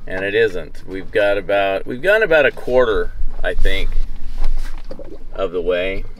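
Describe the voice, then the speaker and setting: A man's voice: low-pitched, animated, unhurried, slight background noise. A middle-aged man chatting casually to camera from a sailboat at sea, rambling with many fillers and restarts. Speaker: sailing vlogger.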